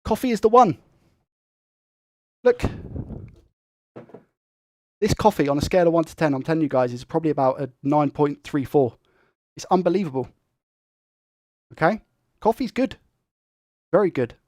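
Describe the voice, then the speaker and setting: A young man who talks fast and excitably while hosting a tech live stream and reading viewer comments. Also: on the high side, no room sound. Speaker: tech livestream host.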